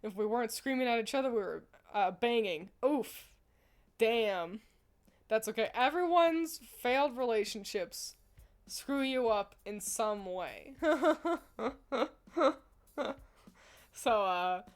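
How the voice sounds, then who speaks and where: A woman's voice: on the high side, expressive, slow. A young woman streamer chatting casually with her live chat, laughing often and swearing freely. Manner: giggly, laughs often between remarks.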